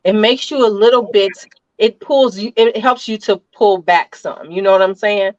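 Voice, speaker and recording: A woman's voice: medium pitch, normal speed, no room sound, dull audio. A woman hosting a casual chat, blunt and joking, who swears freely. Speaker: host.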